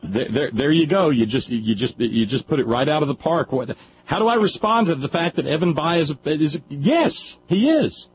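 A man's voice: fairly high pitch, lively intonation, moderate pace, soft background music. A man hosting a radio call-in show, talking casually about politics, laughing often and stumbling over restarts. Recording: dull lo-fi radio sound, faint hum.

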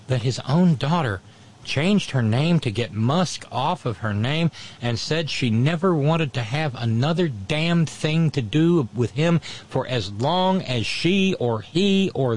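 A man's voice: a little high, lively intonation, slow pace. Sarcastic, blunt male commentary host. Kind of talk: political commentary.

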